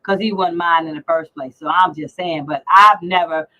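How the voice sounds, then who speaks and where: A woman's voice: fairly low pitch, steady tone, normal speed, muffled recording. A middle-aged woman hosting a casual livestream chat, teasing and brash as she reads out comments. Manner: brash, teasing, salty language. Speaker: livestream host.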